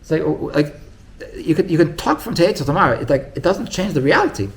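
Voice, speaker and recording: Gravelly-voiced rabbi telling a story. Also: male voice, on the high side, very animated, fast talker. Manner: rambling, many restarts and "like". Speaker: rabbi teaching. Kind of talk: casual storytelling talk.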